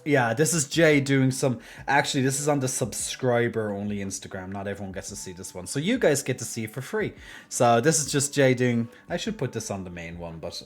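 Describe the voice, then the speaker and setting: A man's voice: medium pitch, lively intonation, a little fast. A man with a mild Irish accent, chatting casually and playfully as a live streamer. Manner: playful and jokey, laughs often. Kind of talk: casual chat.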